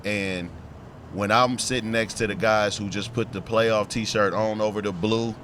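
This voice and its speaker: A man's voice: lowish voice, steady tone, unhurried, fairly bright tone, a little hiss or hum. A man hosting a podcast, laid-back and conversational, setting up questions to his guest. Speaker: podcast host. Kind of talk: casual podcast chat.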